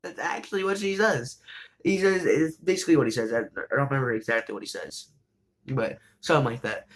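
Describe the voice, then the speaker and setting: A man casually recapping an anime, rambling with lots of fillers and restarts and bursts of excitement. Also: mid-range voice, fairly quick.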